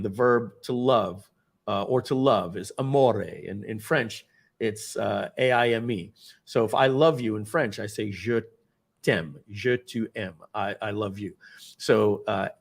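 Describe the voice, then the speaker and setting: A man in his forties telling a casual story from his working life, acting out the voices of the people in it. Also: medium pitch. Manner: animated storytelling, acts out quoted voices. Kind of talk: casual anecdote.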